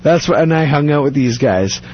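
Husky man telling stories, lo-fi sound. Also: fairly high pitch, expressive, fairly quick. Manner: rambling, laughs often, many restarts. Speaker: guest. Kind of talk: casual storytelling chat.

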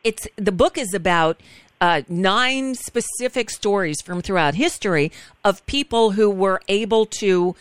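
A woman's voice: medium pitch, a little slow, clear, resonant tone, dry recording. A woman guest hosting a radio talk show, chatting frankly and casually, often restarting her sentences.

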